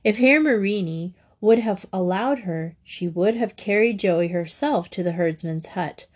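Woman audiobook narrator, unhurried pace, mid-range voice, measured storytelling. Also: medium pitch. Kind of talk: audiobook reading of a classic novel.

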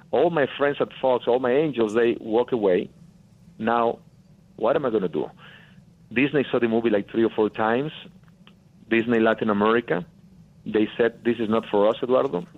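Calling in on a tinny line, a man from Mexico tells his story as a guest producer, earnest and repeating phrases for emphasis. His Mexican-accented, mid-range voice keeps a moderate pace and pauses often.

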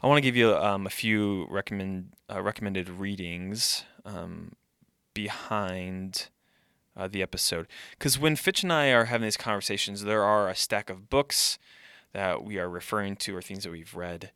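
Low bright-toned male pastor. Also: normal speed, smooth, no echo, studio quality. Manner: conversational, thinking aloud. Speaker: pastor and podcast host. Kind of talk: casual podcast monologue.

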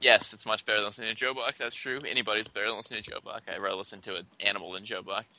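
A man co-hosting a casual sports podcast, talking in an animated, scornful and joking way. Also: lowish voice, very fast. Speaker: podcast co-host.

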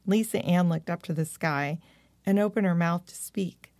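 A woman narrating a children's storybook in a gentle, measured way. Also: fairly low pitch, dry recording.

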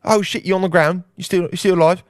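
A man's voice: high voice, steady tone, quick pace, no echo, studio quality. A man hosting a comedy podcast, rambling crudely and laughing at his own jokes. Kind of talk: casual comedy podcast monologue.

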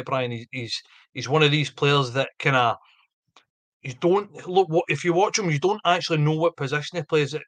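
A man's voice: fairly high pitch, fairly bright tone, no echo. A man talking football on a podcast, enthusiastic and repeating words for emphasis. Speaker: podcast pundit.

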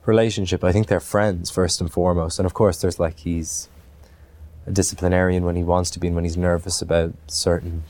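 A man's voice: sits low, level tone, a little fast, a little mellow. A man from Ireland, an actor, answering interview questions in a thoughtful way, with many restarts and fillers.

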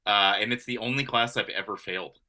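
A man's voice: on the low side, brisk, a loud crowd. A man from the San Jose area, chatting casually as co-host, playful and enthusiastic. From San Jose area, California. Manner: playful, self-deprecating, enthusiastic. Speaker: podcast co-host. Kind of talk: casual chat.

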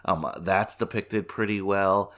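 A man's voice: low-pitched, steady tone, slow, fairly bright tone. A man co-hosting a podcast, chatting casually and laughing often. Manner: laid-back, laughs often, does mock accents in quotes. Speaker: podcast co-host. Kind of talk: casual chat. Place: home.

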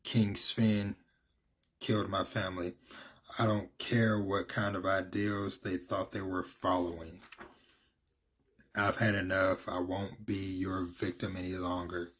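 A man reading the lines of a bitter, defiant male farmer in his own low, husky voice. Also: little pitch movement, a little slow, fairly bright tone, heavily acted.

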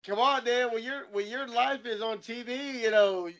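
A man's voice: very high voice, fairly even intonation, normal speed, a bit bright. A man in his forties hosting a podcast, chatting casually and rambling through loose stories. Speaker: podcast host. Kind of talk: casual chat.

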